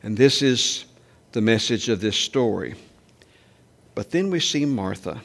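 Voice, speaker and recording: Preacher guy, chatty sermon, asks the crowd stuff, gets louder acting out quotes. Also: animated, measured pace, creaky. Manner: conversational preaching with rhetorical questions to the congregation; acts out quoted speech with raised pitch and volume. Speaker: pastor.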